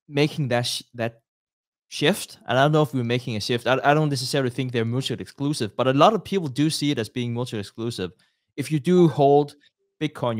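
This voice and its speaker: Hesitant podcast host, medium voice. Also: male voice, medium pitch. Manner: hesitant, many restarts and fillers while framing a question. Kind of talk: casual interview question.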